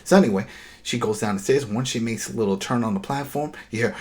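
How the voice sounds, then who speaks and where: A man co-hosting a podcast, retelling a TV episode in a casual, animated and exasperated way, often restarting his sentences. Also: mid-range voice, fast talker. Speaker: podcast co-host.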